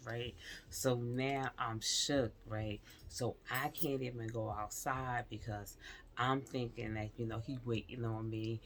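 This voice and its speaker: A woman vlogger telling a personal story in a casual, animated way, talking straight to her viewers and slipping into whispered asides. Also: extremely low pitch, takes it slowly, a little hiss or hum.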